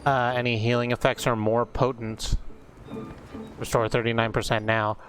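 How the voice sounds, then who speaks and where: A man chatting casually as he streams a game, musing aloud with a wry edge. His pitch sits in an ordinary middle range. Game music plays clearly behind his voice. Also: level tone, normal speed. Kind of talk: casual gameplay commentary.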